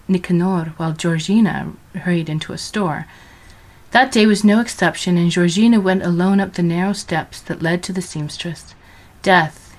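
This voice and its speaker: A woman reading a story aloud as narrator in a measured, scripted storytelling manner. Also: fairly low pitch.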